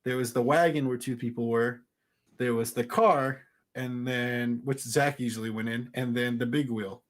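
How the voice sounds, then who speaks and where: A man's voice: mid-range voice, steady tone, normal speed. A young man co-hosting a podcast, telling a childhood story in casual chat and laughing often. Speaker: podcast co-host.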